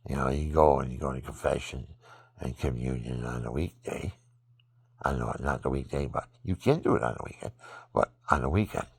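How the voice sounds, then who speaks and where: A very low, gravelly male voice, husky and worn, rambling on about faith while fighting off sleep. He lurches from loud bursts down to near-whispers. It sounds like a phone recording in a dry, close room at home. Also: normal speed, no echo. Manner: rambling, drifting between loud bursts and murmurs. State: sleepy, extremely tired. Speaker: vlogger. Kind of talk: rambling religious monologue.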